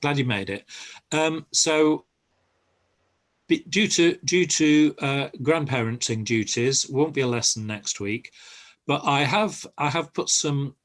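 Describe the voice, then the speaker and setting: Older male teacher on a video call, unhurried and hesitant, mid-pitched voice. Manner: patient, halting explanations with many pauses. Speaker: language teacher. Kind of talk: online group lesson.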